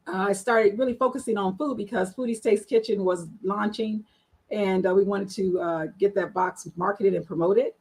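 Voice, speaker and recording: Woman guest rambling frankly, bit breathy, lots of ums. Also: medium pitch, poor audio. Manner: chatty, frank, many fillers, animated quoting. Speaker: guest, marketing strategist. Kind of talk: casual storytelling on a panel show.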